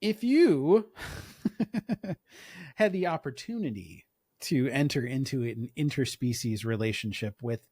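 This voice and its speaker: A man co-hosting a casual podcast, rambling and animated, often acting out characters' lines in quick impressions. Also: medium pitch, husky, no echo, clean studio sound. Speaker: podcast co-host.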